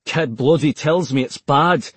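A man's voice: on the high side, measured pace, fairly bright tone, husky, dry recording, pitched above the performer's own voice. A man voicing a cocky young male soldier with a Scottish accent, talking in brash, cheeky banter.

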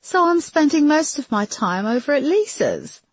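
Woman voicing a defensive grieving mum, husky and high. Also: big pitch swings, moderate pace, dry recording. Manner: emotional, higher and louder.

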